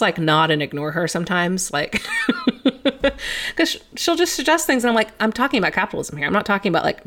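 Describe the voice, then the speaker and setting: A woman's voice: fairly low pitch, a bit bright. A young woman co-hosting a podcast, chatting casually with many fillers, swearing and laughing often. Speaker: podcast co-host. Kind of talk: casual political chat.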